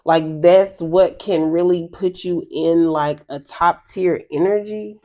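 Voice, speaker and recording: A woman's voice: on the low side, steady tone, takes it slowly, warm tone. A woman giving a casual spiritual reading to her viewers, rambling and chatty, laughing often and calling them y'all. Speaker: spiritual reader.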